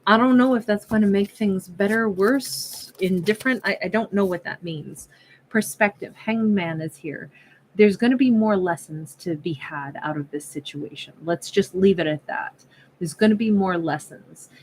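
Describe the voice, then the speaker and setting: A woman's voice: mid-range voice, moderate pace, a little mellow, a little hiss or hum, rough recording. A woman giving a casual tarot reading, chatty and musing, often stopping and restarting, and acting out imagined conversations. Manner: frequent self-interruptions and restarts. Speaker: tarot card reader.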